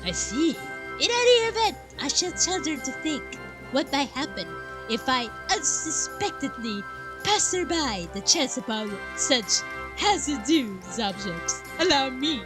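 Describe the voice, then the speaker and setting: A woman's voice: sits high, very animated, a little slow. A woman voicing a sly, courteous male explosives tinkerer with a mock-innocent manner over game music.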